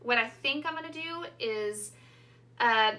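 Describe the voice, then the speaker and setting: A woman teacher chatting casually and gushing excitedly while unboxing on her vlog. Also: on the high side, unhurried. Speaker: teacher and vlogger. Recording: echoey room with faint ambient noise.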